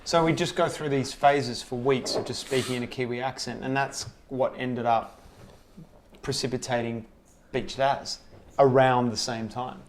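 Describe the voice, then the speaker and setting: A man, a comedian and actor, telling relaxed stories in a casual chat, swearing freely and acting out old conversations. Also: medium pitch, moderate pace, slight background noise. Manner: relaxed, swears freely, acts out past dialogue.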